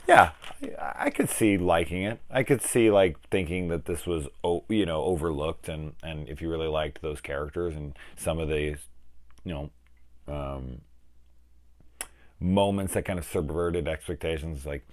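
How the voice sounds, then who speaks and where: Low-voiced man ranting about a film. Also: normal speed, no room sound. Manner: rambling, profane, animated retellings of scenes. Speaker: film review channel host. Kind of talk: casual spoken film review.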